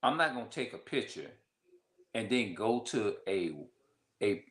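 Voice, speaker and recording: A man's voice: animated, a little slow, poor audio. A man talking casually to camera, repeating himself and often checking that the listener follows. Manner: repetitive, conversational, often asks "you see what I'm saying"; acts out quoted voices with sharp jumps in pitch. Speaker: vlogger.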